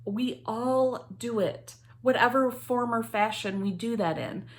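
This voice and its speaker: A woman's voice: on the high side, measured pace. A middle-aged woman chatting casually to camera about her cross stitch hobby, rambling with many ums and asides.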